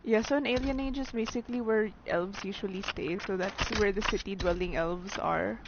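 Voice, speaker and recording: A woman's voice: medium pitch, fairly even intonation, moderate pace. A woman giving casual let's play commentary, laughing often and talking back to the game's characters. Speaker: gamer. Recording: dull lo-fi sound with clear background noise.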